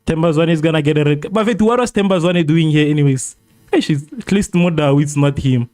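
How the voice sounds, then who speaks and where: A South African man hosting a live football watchalong, reading viewers' comments and reacting excitedly, often repeating phrases. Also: a little high, a little fast. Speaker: livestream host.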